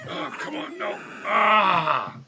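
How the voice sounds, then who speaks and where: A man hosting a live gaming stream. He is sick, and his voice sounds higher than usual. He chats casually, cracks jokes, swears a lot, and shouts at the game. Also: expressive, moderate pace, background noise. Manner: profane, joking, loud outbursts at the game. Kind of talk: casual live-stream chat while playing.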